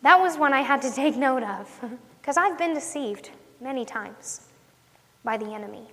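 A woman's voice: high voice, animated, moderate pace, bright, forceful tone. A woman giving an earnest devotional sermon in a conversational way, asking her listeners questions as she teaches. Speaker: ministry teacher. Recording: long hall reverb.

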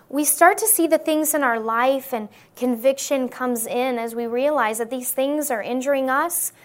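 A woman giving an earnest, testimony-style sermon to an audience, often checking in with listeners by asking "right?". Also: high-pitched. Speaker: Christian speaker.

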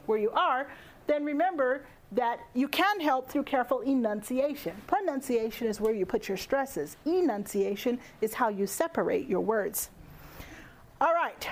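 A woman with a fairly high voice leads a public speaking workshop. She is animated and playful, chats with her audience and laughs often. She speaks into a handheld microphone in a lecture room.

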